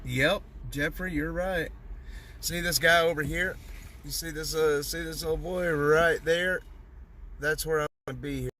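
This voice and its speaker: A man's voice: a little high, steady tone, a little slow, bright, forceful tone, a little hiss or hum. A man chatting casually on a livestream from his parked car at a gas station, rambling and joking with viewers.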